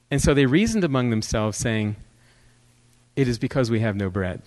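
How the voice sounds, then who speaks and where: A male guest speaker preaching a sermon with humor, joking and conversational, telling animated stories. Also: mid-range voice, normal speed.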